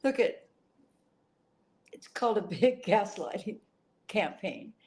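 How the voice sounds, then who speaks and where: A woman's voice: mid-range voice, very animated, slow pace, darkish tone, rough recording. A middle-aged woman answering interview questions in an earnest, emotional way, now and then apologizing for getting upset. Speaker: interview guest.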